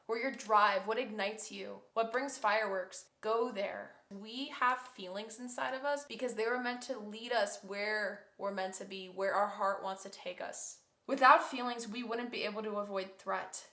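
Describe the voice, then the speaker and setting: A woman reads tarot cards aloud for her viewers, effusive and openly emotional as she goes. Her voice is bright and forward. The sound carries a roomy echo. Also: mid-range voice. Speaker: tarot reader. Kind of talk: pick-a-card tarot reading.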